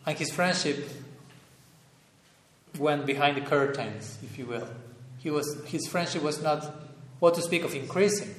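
Softly chuckling man teaching in a roomy hall. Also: a little high, unhurried. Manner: thoughtful, chuckles often, searches for words. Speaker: spiritual teacher. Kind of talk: relaxed scripture class talk. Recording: roomy echo, faint room ambience.

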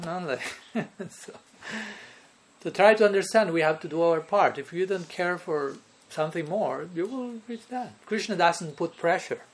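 Slightly high-voiced man giving a devotional talk. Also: animated, moderate pace. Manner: checks in with listeners by asking "no?" and "okay?"; chuckles often between points. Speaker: spiritual teacher. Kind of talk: devotional lecture.

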